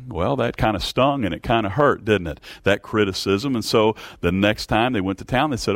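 A middle-aged male pastor preaching a sermon in a low voice. He stumbles and restarts often, repeating words as he works toward his point and tossing questions at his listeners. The sound is dry and close. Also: animated, fairly quick, no echo.

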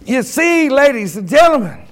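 A middle-aged man preaching a sermon, folksy and animated, breaking into shouted bursts. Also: very high-pitched, moderate pace.

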